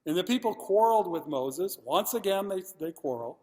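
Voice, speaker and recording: A male pastor preaching a sermon, talking expressively and moving between loud emphasis and quiet, heavy moments. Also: sits high, expressive, normal speed. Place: church sanctuary. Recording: long reverb of a church hall.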